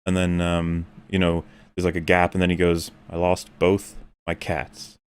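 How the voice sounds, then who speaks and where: A man's voice: low-pitched, monotone, moderate pace, clear, resonant tone. A man in a casual chat recapping a film scene by scene, hesitant, with many fillers and restarts. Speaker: stream panelist reviewing a film.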